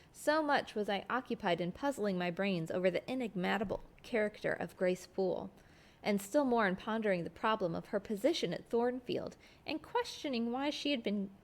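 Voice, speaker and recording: Gravelly woman reading a novel aloud. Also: medium pitch. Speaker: storyteller.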